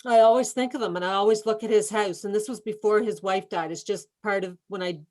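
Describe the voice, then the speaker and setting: A woman's voice: medium pitch, fast talker, darkish tone, poor audio. A woman real estate agent on a video call, telling an earnest personal story in a training session. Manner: earnest storytelling, emotional at times. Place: home office.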